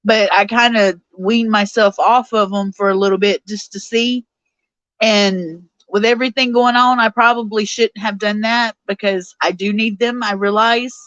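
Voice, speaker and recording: A woman's voice: mid-range voice, fairly bright tone, no echo. A woman, hosting a casual live stream, chatty and tearful as she reads messages from viewers. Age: 40s. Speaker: show host reading live chat. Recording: dull, lo-fi sound.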